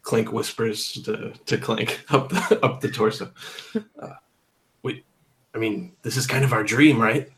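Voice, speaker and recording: A man sits in on a tabletop game as a player, talking at an unhurried pace. His voice is bright and a little sharp, and he drops goofy deadpan asides. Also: mid-range voice. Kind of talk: playing a tabletop game, casual.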